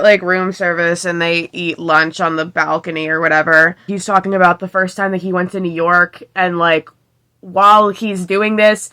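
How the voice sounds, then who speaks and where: A woman's voice: on the low side, bright, forceful tone. A young woman in her twenties giving a casual, sarcastic book recap, reading passages aloud between giggly asides. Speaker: book reviewer.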